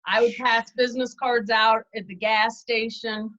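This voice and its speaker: Guest woman, candid and chatty, self-deprecating, higher voice, muffled call audio. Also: level tone, unhurried, fairly bright tone. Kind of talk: casual storytelling interview.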